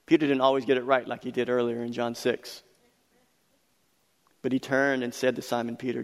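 A man preaching a sermon as pastor, emphatic and building to loud passionate peaks. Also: mid-range voice, completely flat delivery, a little fast, vocal fry. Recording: long reverb of a hall.

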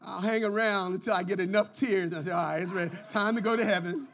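Pastor guy preaching, really high voice, gets loud then soft, cracks jokes. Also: fairly even intonation, fast. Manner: impassioned preaching, swinging from quiet to shouting; jokes, laughs. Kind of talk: sermon.

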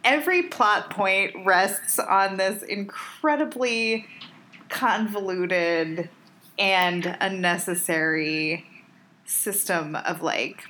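A woman co-hosting a podcast over a remote call, recapping a TV episode with quick, exasperated commentary. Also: medium pitch, sharp tone, slight background noise. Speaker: podcast co-host recapping a TV show. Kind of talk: casual chat.

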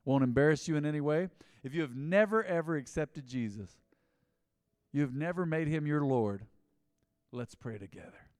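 A man preaching a mid-week sermon as pastor, chatty and conversational, swinging from loud emphatic lines to quiet asides. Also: a little high, normal speed, pauses often. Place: church sanctuary. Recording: long reverb of a large church hall.

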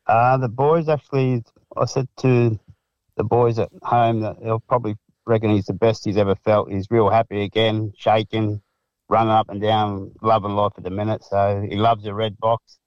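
An Australian man, a greyhound trainer and guest, answering questions in a measured, hesitant way. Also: lowish voice, flat delivery, clean tone, no echo, lo-fi sound. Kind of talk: interview answers.

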